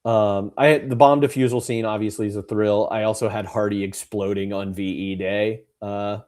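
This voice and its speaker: A man's voice: on the low side, steady tone, moderate pace, darkish tone. A man co-hosting a casual movie podcast, chatty and jokey, with lots of fillers. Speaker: podcast co-host. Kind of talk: casual movie review chat.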